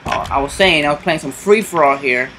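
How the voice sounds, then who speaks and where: A man giving casual commentary over his own online shooter match, excitable and swearing constantly, yelping when something sudden happens. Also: fairly high pitch, a little fast, background noise. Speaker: gamer doing live commentary.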